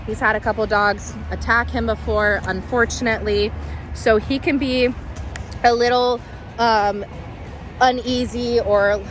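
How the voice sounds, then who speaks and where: A woman's voice: a little high, fairly even intonation, a little slow, a little hiss or hum. A woman dog trainer in a casual vlog, chatting and retelling stories with lots of ums.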